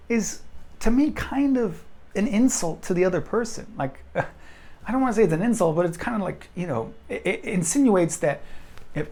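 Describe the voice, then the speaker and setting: Blunt young man, gravelly. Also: a little high, darkish tone. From United States. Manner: blunt, frank, self-deprecating. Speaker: vlogger. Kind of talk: casual direct-to-camera rant.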